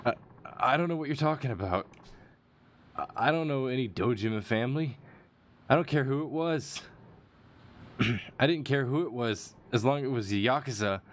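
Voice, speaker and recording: A man's voice: medium pitch, lively intonation, normal speed, pauses often, voice pushed up, natural voice. A man voicing a frightened young street kid who stammers nervously.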